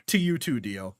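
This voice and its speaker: A young man with a mid-range voice reacts casually while watching anime, joking, swearing, and talking back to the screen.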